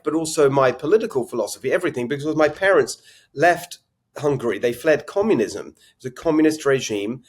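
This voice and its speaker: A middle-aged man from England with an English accent, speaking as a guest in a conversational interview, reflective and chatty with frequent restarts. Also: medium pitch. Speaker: political guest.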